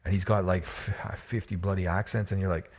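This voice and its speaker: A husky-voiced man chats casually as a podcast co-host. He rambles, restarts his sentences and laughs as he talks. His pitch sits a little low. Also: flat delivery, fairly quick, a little mellow. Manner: rambling, restarts often, laughs while talking. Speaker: podcast co-host and game master. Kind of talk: casual chat.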